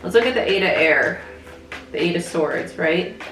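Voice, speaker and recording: A woman's voice: lowish voice, lively intonation, moderate pace, fairly bright tone, a little hiss or hum. A young adult woman giving a casual tarot reading, thinking aloud and often checking in with her listeners. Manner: chatty, thinks aloud, frequent "right?" check-ins. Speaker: tarot reader. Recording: echoey room with faint music.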